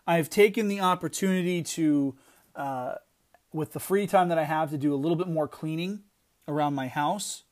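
A man's voice: a little high, darkish tone. A middle-aged man giving an earnest devotional talk, emphatic, often restarting his phrases. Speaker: podcast devotional speaker.

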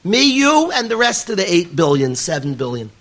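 A man's voice: sits high, sing-song, moderate pace, a bit bright, exaggerated voice. A man voicing a young male student who cries out to God, pleading in a raised, emotional voice. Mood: anguished.

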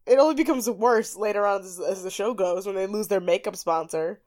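A woman co-hosting a podcast, chatting casually, giggly and animated, a bit groggy on cough medicine. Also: medium pitch, brisk. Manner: giggly, animated, slips into impressions. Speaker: podcast co-host. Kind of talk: casual recap chat.

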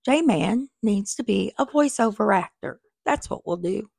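Creaky-voiced woman hosting a chatty podcast. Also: mid-range voice, animated, unhurried, darkish tone, no room sound, clean studio sound. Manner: chatty and rambling, with many fillers and asides. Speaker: podcast host. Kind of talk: casual podcast chat. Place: small crowded office. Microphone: small microphone.

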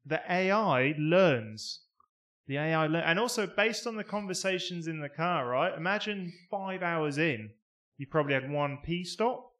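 A man with a bright, fairly high voice, talking in casual podcast chat. He is animated and playful and breaks into snatches of song and beeping sound effects. His voice has a forceful edge. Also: normal speed. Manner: animated, bursts into sung lines and sound effects. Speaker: podcast co-host.

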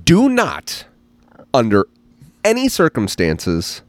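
A man's voice: mid-range voice, huge pitch swings, slow, dry recording, soft background music. A man hosts a podcast outdoors by a bonfire, ranting playfully and with emphasis. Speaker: podcast host. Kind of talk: casual podcast chat. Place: outdoor patio around a bonfire.

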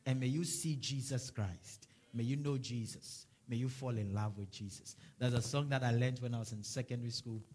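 A man preaching a sermon as a pastor, with fervent, repeated declarations and prayers. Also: on the high side.

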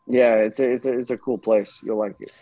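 A man's voice: medium pitch, fairly even intonation, a little fast, warm tone, low-quality recording. A man with a Scottish accent chatting casually as a podcast guest, easygoing and often repeating words as he starts sentences. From Scotland. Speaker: guest golfer.

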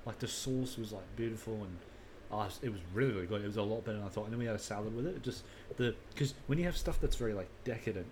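A man chatting casually on a podcast, relaxed and full of "like" fillers. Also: on the low side, very fast, slight background noise. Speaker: podcast co-host. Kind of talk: casual chat.

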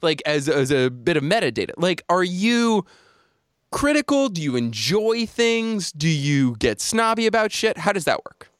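A man's voice: high voice, very animated, normal speed, fairly bright tone, no room sound, clean studio sound. A man hosting a podcast in casual chat, joking, laughing often and acting out little scenes. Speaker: podcast host.

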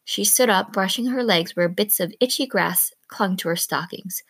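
A woman reads a novel aloud in a calm, steady storytelling voice. Her pitch sits in a middle range. The recording is close and dry, with no room sound. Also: normal speed, husky, no echo. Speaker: reader.

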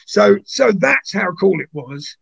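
An older English man spins anecdotes in a loose, chatty way. His voice sits fairly high for a man, with a gravelly crackle and a husky, unclear edge. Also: sing-song, measured pace. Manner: chatty, anecdotal, many "you know"s. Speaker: guest. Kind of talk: conversational storytelling.

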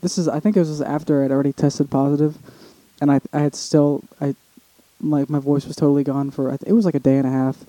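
A man's voice: a little high, little pitch movement, quick pace, mellow, no room sound, rough recording. A young man co-hosting a podcast in casual chat, rambling and restarting often, swearing casually. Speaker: podcast co-host.

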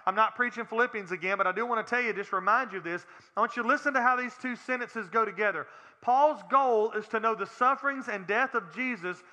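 A man's voice: high voice, sharp tone, long reverb tail. A man preaching a sermon as pastor, earnest and plain-spoken, asking the congregation direct questions.

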